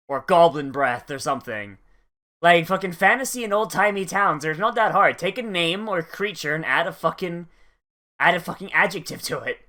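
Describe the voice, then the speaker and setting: Snarky anime reaction youtuber, swears constantly, bright edgy tone, rambles and restarts. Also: medium pitch. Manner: sarcastic, swears a lot, trails off and restarts. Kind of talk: casual profane commentary.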